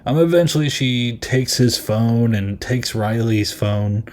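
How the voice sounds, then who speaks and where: A man's voice: mid-range voice, measured pace, darkish tone. A man hosting a podcast and reviewing a film in casual chat, rambling and amused, with lots of ums and likes.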